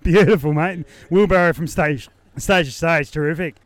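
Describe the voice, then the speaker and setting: A man's voice: on the high side, normal speed, no room sound. A man hosting a podcast, joking and bantering with competitors at an outdoor shooting range. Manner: jokey, matey banter. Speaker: podcast host interviewing competitors. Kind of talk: casual on-site interviews.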